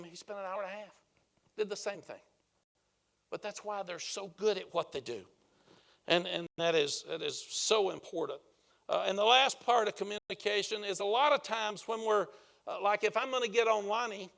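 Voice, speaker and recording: Older man with a gravelly high voice. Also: fairly bright tone. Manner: folksy storyteller who acts out quoted lines. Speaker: football coach speaking to coaches. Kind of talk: clinic talk with anecdotes. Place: meeting room with an audience.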